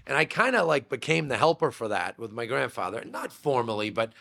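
His medium-pitched voice swings widely in pitch, sounding creaky, pushed, and bright at a fairly quick pace. A Massachusetts real estate brokerage owner, he guests on a podcast and rambles about childhood in a casual interview, with plenty of fillers and restarts.

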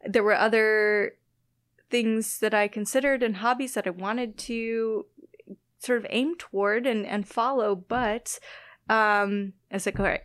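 A woman's voice: fairly high pitch, steady tone, unhurried, a bit bright, clean tone, dry recording, studio quality. A woman in her thirties from the US Midwest, chatting in an interview with frequent laughs and self-deprecating asides. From Illinois-Wisconsin border, US Midwest. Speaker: guest biologist. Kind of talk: casual interview chat.

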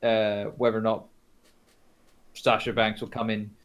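A man's voice: on the low side, flat delivery, unhurried. A man with a Scottish accent co-hosting a casual wrestling podcast, hesitant with many fillers. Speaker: podcast co-host. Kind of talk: casual chat.

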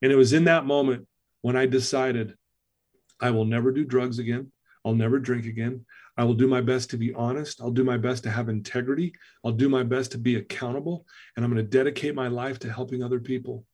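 Casting: middle-aged man, mid-pitched voice, lively storyteller, guest in a podcast interview. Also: a little fast. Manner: animated storyteller acting out dialogue. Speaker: guest, personal-development coach.

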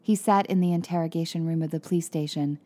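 A woman reading a story aloud in an even, measured narration. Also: low voice. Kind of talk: audiobook narration.

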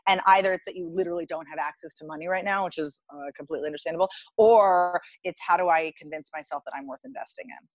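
A woman's voice: lowish voice, fast, hardly any pauses, dry recording, rough recording. An American woman being interviewed as a dialect coach, explaining in a chatty way with many fillers and restarts. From United States. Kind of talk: conversational podcast interview.

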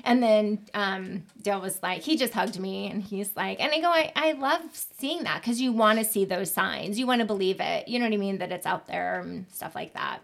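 A woman's voice: mid-range voice, normal speed, creaky, few pauses, a bit bright. A woman co-hosting a casual podcast chat, telling stories and acting out the dialogue, laughing easily. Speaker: podcast co-host.

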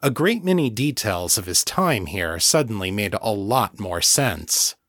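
A man reading his own novel aloud as narrator, with a calm, measured storytelling delivery. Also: fairly low pitch, dry recording, studio quality. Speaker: author and audiobook narrator. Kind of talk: scripted narration.

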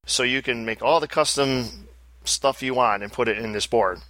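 A man's voice: mid-range voice, moderate pace, sharp tone, dry recording. A man co-hosting a podcast, chatting casually and restarting phrases as he explains things. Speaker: podcast co-host. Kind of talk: casual chat.

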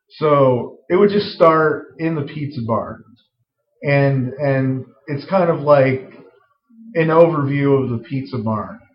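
Rambling man pitching a movie scene. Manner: rambling, full of "like" and "uh", profane. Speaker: screenwriter pitching a story. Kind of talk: casual rambling story pitch. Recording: roomy, dull lo-fi recording.

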